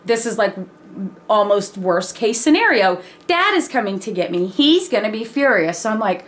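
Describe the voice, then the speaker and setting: Animated woman telling a funny story. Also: medium pitch, moderate pace. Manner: animated, laughing, frank with swearing. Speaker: vlogger. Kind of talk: casual storytelling.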